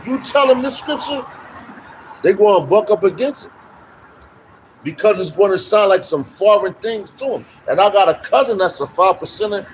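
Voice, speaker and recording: A man preaching on the street, emphatic and repetitive, with loud bursts. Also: high-pitched, slight background noise, rough recording. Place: outdoors on a street.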